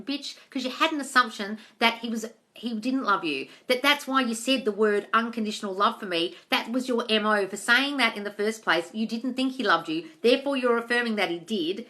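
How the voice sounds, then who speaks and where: A woman's voice: medium pitch, a little fast, bright, forceful tone. A woman hosting a live-stream Q&A, reading viewers' comments aloud and answering them bluntly, swearing often and calling them darling. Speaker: manifestation coach answering live chat questions.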